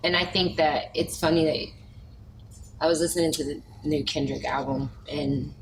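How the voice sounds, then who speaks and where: A woman's voice: low-pitched, steady tone, a little slow. A woman hosting a podcast, reflecting thoughtfully and repeating key phrases for emphasis. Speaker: podcast host. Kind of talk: casual chat. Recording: noisy podcast recording.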